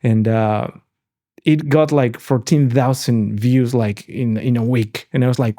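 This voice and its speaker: Middle-aged male host; mellow, gravelly, animated and profane. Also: mid-range voice, normal speed. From Mexico. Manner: animated, swearing, laughing storyteller. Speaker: podcast host. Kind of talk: casual podcast conversation.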